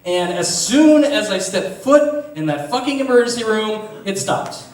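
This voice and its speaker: A man telling a funny story before a live theater audience, animated, laughing often and swearing casually. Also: high voice, measured pace. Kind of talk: live comic storytelling on stage. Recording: echoey theater, distant mic, audience reacting.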